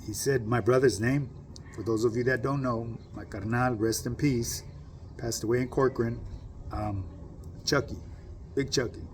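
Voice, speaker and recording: A man's voice: mid-range voice, fairly even intonation, moderate pace, a little hiss or hum. A middle-aged man, casually telling a personal story to camera in streetwise slang and often asking "you know what I mean".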